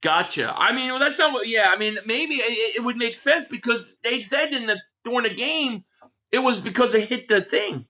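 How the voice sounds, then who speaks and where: A man's voice: very high voice, animated, moderate pace, sharp tone. A man hosting a live sports reaction stream, ranting heatedly and with lots of profanity while reading out viewer chats.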